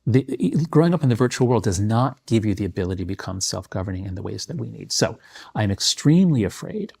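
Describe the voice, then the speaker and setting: A man's voice: on the low side, sing-song, fast talker, vocal fry, a little mellow, breathy edge. A man making an earnest, argumentative point in spoken commentary.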